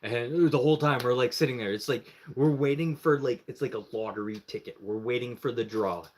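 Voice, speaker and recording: A man in the middle pitch range tells a story on a live stream. He talks loosely and swears a lot. He keeps slipping into the voices of the people in his story. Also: brisk. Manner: animated, profane, acts out the voices of others. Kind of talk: casual storytelling.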